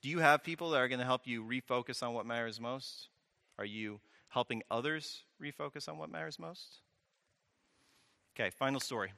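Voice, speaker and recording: Bright-voiced pastor preaching in a hall. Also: male voice, medium pitch, moderate pace, creaky. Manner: conversational, asks the audience questions, wry asides. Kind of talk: sermon.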